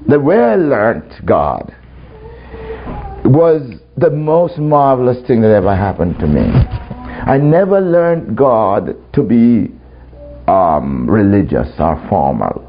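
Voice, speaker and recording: A man's voice: lowish voice, very animated, slow, a little hiss or hum. A man preaching a testimony sermon to a congregation, telling his story and laughing often. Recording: muffled recording with faint ambience.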